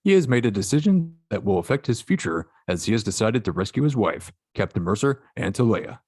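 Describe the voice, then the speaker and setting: A man reads stage directions aloud in a steady, matter-of-fact tone. His voice is low, and the recording is dry with no room sound. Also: fairly quick, slightly rough, dry recording. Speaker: narrator. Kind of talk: reading a fan script aloud.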